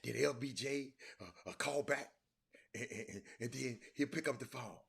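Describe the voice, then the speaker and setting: A man hosting a casual livestream talk from a hotel room. He is an animated storyteller who repeats and restarts words and keeps calling out to his viewers as y'all. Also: medium pitch, normal speed, gravelly, breathy edge. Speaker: talk show host.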